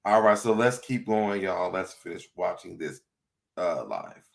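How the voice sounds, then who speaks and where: A man's voice: low voice, very animated, measured pace, gravelly. A man hosting a casual livestream, chatty and laughing often as he reads viewer comments aloud. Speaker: livestream host.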